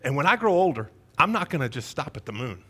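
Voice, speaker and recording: Middle-aged male pastor, bright, slightly high voice, animated storytelling sermon in a church. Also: fast talker, breathy edge. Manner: storytelling, animated, shifts between hushed and emphatic. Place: church sanctuary.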